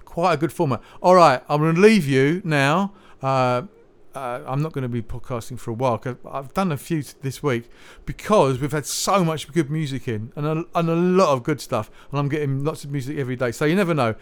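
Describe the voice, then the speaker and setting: A man's voice: fairly high pitch, fairly quick, hardly any pauses, smooth. A man hosting a music podcast, chatting between tracks in a rambling, jokey way. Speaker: podcast host.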